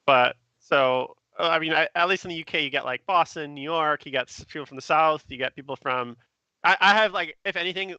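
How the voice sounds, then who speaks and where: A man's voice: on the high side, brisk, bright, forceful tone, dry recording, muffled recording. A man from Canada with a Canadian accent, chatting casually, laughing and poking fun at himself. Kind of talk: casual chat.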